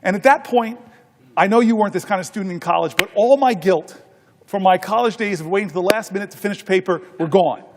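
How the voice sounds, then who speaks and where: High-voiced man speaking in a reverberant chamber. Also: background noise. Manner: halting, repeats words, folksy anecdotes. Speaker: senator holding the floor. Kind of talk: floor speech with storytelling. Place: large legislative chamber. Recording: long reverb of a large chamber.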